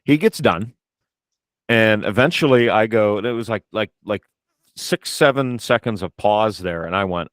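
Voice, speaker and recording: A man hosting a podcast, telling stories in an animated, teasing way. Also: fairly low pitch, moderate pace, no echo, studio quality. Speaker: podcast host. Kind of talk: casual podcast chat.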